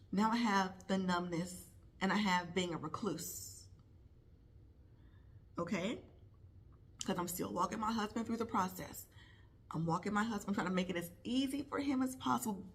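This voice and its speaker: A middle-aged woman speaking personally to camera in a vlog, heartfelt and halting, with pauses and repeated words. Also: medium pitch. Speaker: vlogger, nurse.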